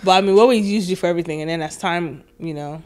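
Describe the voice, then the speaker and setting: A woman's voice: fairly low pitch, very fast, a little mellow. A young woman in casual chat as the oldest sister, jet-lagged, laid-back and slangy, swearing freely as she tells family stories.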